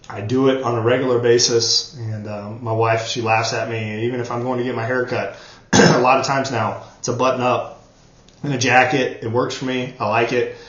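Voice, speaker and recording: A man giving an earnest motivational training talk, repeating words for emphasis. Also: mid-range voice. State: choked up, coughing. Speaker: network marketing trainer. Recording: roomy, dull lo-fi sound.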